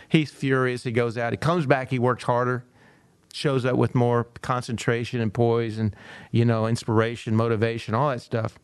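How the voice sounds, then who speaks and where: A man co-hosting a panel talk, telling a long story and acting out the people in it with lively quoted voices. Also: medium pitch, moderate pace, dry recording. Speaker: podcast co-host.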